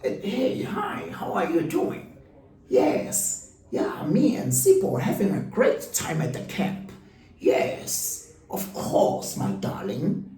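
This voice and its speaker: A man mimics a father talking to his wife in a stiff, over-polite phone manner. The voice is mellow and a little hushed. It sounds roomy, with the mic at a distance. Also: on the high side, wildly swooping pitch, slow, faint music behind, heavily acted. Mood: stilted.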